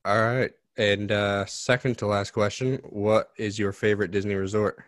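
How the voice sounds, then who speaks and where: Co-host: low-pitched, easygoing man, dry close sound. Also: level tone, moderate pace, no echo. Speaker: podcast co-host. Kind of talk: casual chat.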